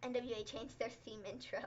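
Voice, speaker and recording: A woman co-hosting a casual livestream recap, chatty and excitable, peppering her talk with "like". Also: on the high side, moderate pace, lo-fi sound, slight background noise. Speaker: co-host.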